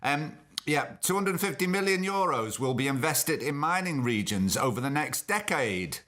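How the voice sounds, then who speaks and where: A man's voice: fairly high pitch, lively intonation, moderate pace, a bit bright. A middle-aged man from the UK hosting a podcast, reading news items and adding indignant, opinionated asides and rhetorical questions. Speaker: podcast host.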